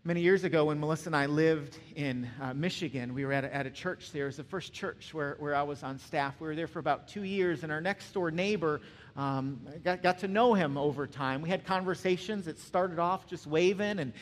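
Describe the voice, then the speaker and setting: A male pastor giving a conversational sermon, often checking in with the listeners with a quick "right?". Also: on the high side, in a large hall, a little hiss or hum. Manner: conversational, frequent "right?" asides.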